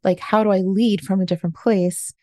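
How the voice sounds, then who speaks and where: A woman's voice: mid-range voice, steady tone, brisk, darkish tone, dry recording, studio quality. A woman in her forties, a life coach, telling her own story in an interview in an earnest, confessional way. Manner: earnest, confessional, self-questioning.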